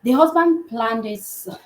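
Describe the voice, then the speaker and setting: A woman who works as a healthcare provider, telling a story in a lively conversational way and acting out the dialogue as she goes. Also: fairly high pitch, takes it slowly. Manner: animated, acts out quoted dialogue. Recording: roomy echo.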